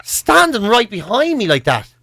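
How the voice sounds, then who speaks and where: Irish male co-host, middle-aged, high and bright, dry close mic, rambling anecdotal storyteller who swears. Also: wildly swooping pitch, moderate pace, creaky, no room sound. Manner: rambling storyteller, swears freely, tags lines with "right?". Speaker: radio co-host. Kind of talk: casual chat.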